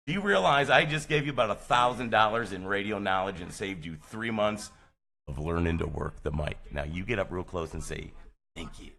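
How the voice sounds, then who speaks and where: Low-voiced exasperated radio host. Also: male voice, moderate pace, sharp tone. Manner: bossy, exasperated coaching. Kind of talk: live talk radio banter. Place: small radio studio.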